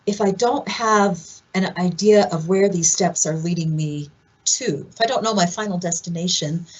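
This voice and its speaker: A woman presenting at a conference, telling stories in an animated way and acting out the quoted voices. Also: on the low side, breathy edge, highs cut off. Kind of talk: conference talk.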